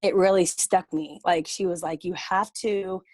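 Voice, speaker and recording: A woman calling into a video call by phone from work, upbeat and quick, laughing as she talks. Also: fairly low pitch, fairly even intonation, a little mellow, dry recording. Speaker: team member sharing on a call. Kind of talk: casual group video call. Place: workplace.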